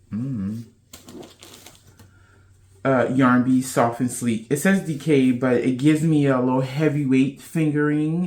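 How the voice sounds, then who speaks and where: A woman's voice: extremely low pitch, darkish tone. A woman hosting a podcast in casual chat to camera, playful and loose, with slangy talk. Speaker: podcast host.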